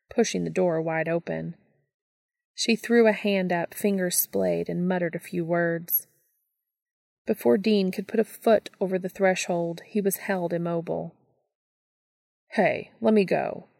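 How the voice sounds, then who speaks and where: A woman narrating a fan fiction story as an audiobook in a steady, even reading voice. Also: lowish voice, normal speed, vocal fry, dry recording, clean studio sound.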